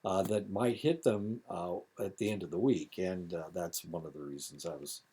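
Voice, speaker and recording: A man's voice: low voice, normal speed, background noise. A man in his seventies with an Indiana accent, giving a recorded lecture in a rambling, digressive way with many fillers and asides. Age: 70s.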